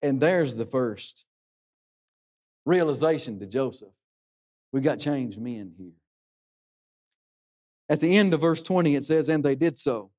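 A man's voice: medium pitch, lively intonation, a little slow, pauses often, a little mellow. A man preaching a sermon in an earnest way, asking rhetorical questions and dropping his voice for emphasis.

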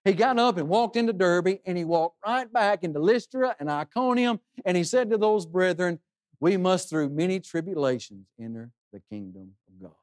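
A man's voice: sits high, expressive, normal speed. A man preaching a sermon in an earnest way, asking rhetorical questions and dropping his voice for emphasis.

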